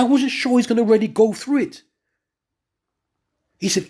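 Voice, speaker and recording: Husky guy telling his testimony, rambly and animated, keeps breaking off mid sentence. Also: extremely high pitch, a little slow, pauses often. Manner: animated storytelling with many asides and restarts. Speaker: church member giving testimony. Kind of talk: spoken religious testimony.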